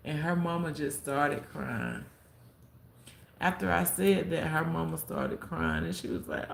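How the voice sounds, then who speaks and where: A woman's voice: deep voice, measured pace, vocal fry. A woman telling a story on a live stream as a content creator, acting out what people said and giving heartfelt advice. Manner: animated storyteller who acts out quotes and gives heartfelt advice. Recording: roomy echo with faint background ambience.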